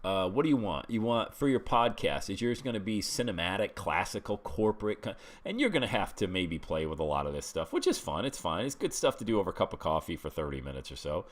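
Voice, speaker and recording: Deep-voiced man teaching a webinar. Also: very animated, fast talker, hardly any pauses. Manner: chatty, walks listeners through steps with frequent "okay?". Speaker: webinar instructor. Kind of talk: screen-share tutorial.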